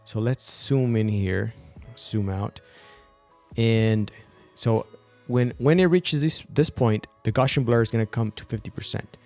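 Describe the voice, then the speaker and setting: A young man hosting a software tutorial in an upbeat, casual way, with fillers and restarts. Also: mid-range voice, a little slow, faint music behind. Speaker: video tutorial host.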